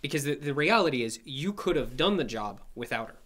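A man's voice: a little high, expressive, a little fast, fairly bright tone. Bible study teacher, man, conversational and explanatory, keeps asking "right?". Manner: explanatory, asks checking questions.

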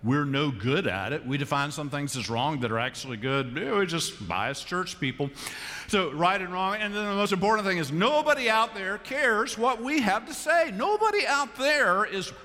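A man's voice: high-pitched, expressive, bright, forceful tone. Man preaching in a reverberant church. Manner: conversational, repeats key phrases with emphatic pauses. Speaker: pastor. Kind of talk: sermon. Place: large church sanctuary. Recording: live church recording with long reverb.

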